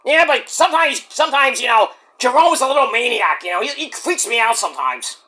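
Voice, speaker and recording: A boastful, brash wrestler from beyond the grave, as a man puts him on, pitched high and bright. He brags and shouts in loud, pushy bursts, swinging widely in pitch. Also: animated, a little fast, heavily acted. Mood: uneasy. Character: cocky brash late male wrestler in the afterlife.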